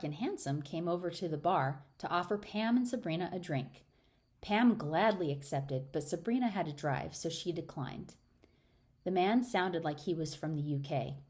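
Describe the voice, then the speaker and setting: A woman narrating an audiobook, lively in dialogue. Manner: expressive, raises pitch for dialogue. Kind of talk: audiobook narration with character voices.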